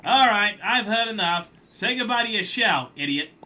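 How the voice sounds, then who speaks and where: A man putting on a bossy crab tax collector with a thick New York accent, barking demands in a lively, bright voice. A game bully with no patience, over faint background hiss. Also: sits high, normal speed, voice pushed up, full character voice. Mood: impatient, bossy. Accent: New York put-on.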